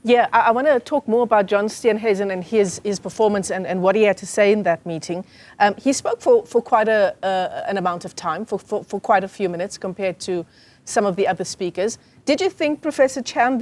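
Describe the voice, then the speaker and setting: A South African woman anchors a live news interview at an ordinary mid pitch. She asks her questions conversationally, often restarting and repeating herself before she lands the point. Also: darkish tone. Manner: conversational, hesitant, repeats words.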